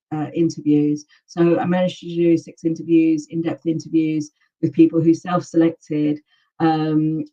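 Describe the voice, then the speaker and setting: A middle-aged woman answering interview questions over a video call, speaking in a measured, thoughtful way with frequent pauses. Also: deep voice, mellow. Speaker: guest, communications specialist. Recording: dull, distant video-call audio.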